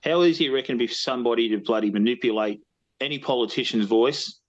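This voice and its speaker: A man talks quickly in a casual chat and raises worried questions. His voice comes through a dull, lo-fi connection. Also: medium pitch. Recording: dull lo-fi sound.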